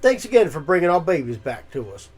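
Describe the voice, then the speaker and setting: A game streamer voicing a fussy, doting mole mother who talks in a high, fretful way. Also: big pitch swings, a little fast, darkish tone, breathy edge, faint music behind.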